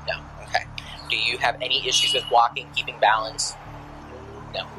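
A man's voice: medium pitch, level tone, moderate pace, music in the background, poor audio. A police officer, a man, giving patient, repetitive sobriety test instructions at the roadside at night.

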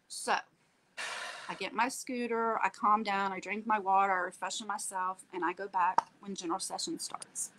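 A woman's voice: mid-range voice, moderate pace, slight background noise, rough recording. A woman telling a personal story with feeling, acting out the dialogue and often checking in with "okay?". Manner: animated, acts out quoted dialogue, tags lines with "okay?". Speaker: guest telling her story.

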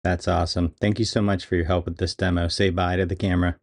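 A man's voice: deep voice, level tone, fast. A man making a video, talking casually to an AI assistant with plenty of fillers and restarts. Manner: casual, hesitant, filler-heavy. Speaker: video creator. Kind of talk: casual demo chat.

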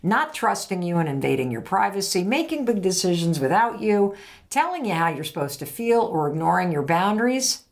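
A woman's voice: fairly low pitch, sing-song, a little fast. A middle-aged woman hosting a direct-to-camera advice talk, blunt and emphatic, casual and not above swearing. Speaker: host.

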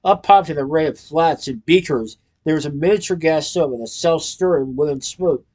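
A man narrating a children's storybook aloud in a lively storytelling manner. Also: fairly high pitch, moderate pace. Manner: lively storytelling with character voices.

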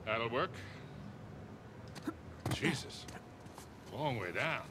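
An actor playing a gruff, blunt older male treasure-hunting partner in a game. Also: medium pitch, animated, extremely slow, background noise. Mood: grumbling. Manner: blunt, grumbling. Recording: game audio over loud score.

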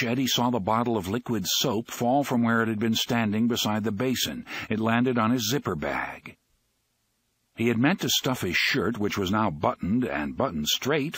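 A man reading a novel aloud as an audiobook narrator, in an expressive, dramatic way. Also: fairly low pitch, slightly rough.

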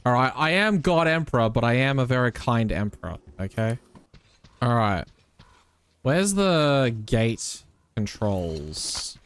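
Excitable streamer with a lively voice. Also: male voice, medium pitch, takes it slowly, clean tone. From Australia. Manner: excitable, swears freely, teasing banter with chat. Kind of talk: live gameplay commentary.

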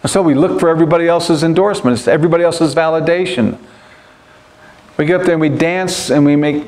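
A man's voice: on the high side, fast, darkish tone. A man preaching a sermon as pastor in a church, earnest and emphatic, repeating his key points.

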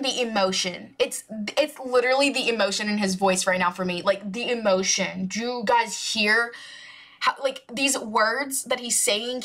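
A woman hosting a music reaction video, talking in a gushing, excitable way, full of exclamations and filler "like"s. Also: a little high. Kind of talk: casual music reaction commentary. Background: music video playing faintly.

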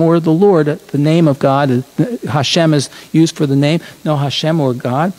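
A man's voice: fairly high pitch, fairly even intonation, unhurried, hardly any pauses, a little mellow, rough recording. A man leading a congregation in a chatty, reflective sermon, often correcting himself mid-phrase. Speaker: congregation leader.

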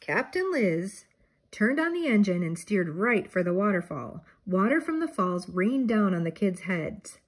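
An older woman reads a children's chapter book aloud at an even, steady pace. Her voice is husky, with a relaxed storytelling manner. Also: medium pitch, normal speed, hardly any pauses. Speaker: storybook reader.

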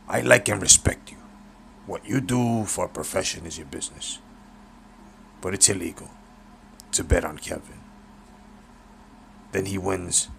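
A man voicing an older male boxing trainer who is gruff, blunt and teasing. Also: sits low, a bit bright, slight background noise, exaggerated voice.

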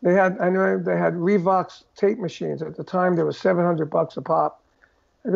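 A very gravelly older man, high for a man, tells stories in a relaxed interview. He throws himself into them, putting on the voices of the people he describes. The recording sounds dull and muffled. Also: a little fast. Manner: animated storyteller who acts out quoted voices. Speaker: guest drummer telling stories. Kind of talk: casual storytelling interview.

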